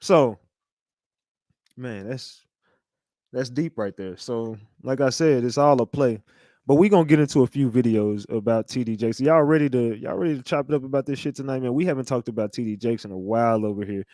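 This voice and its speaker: A man's voice: mid-range voice, fairly quick, dark tone, dry recording, clean studio sound. A man hosting a casual livestream, talking straight to his chat in a slangy, conspiratorial way. He often repeats himself and restarts. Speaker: livestream host.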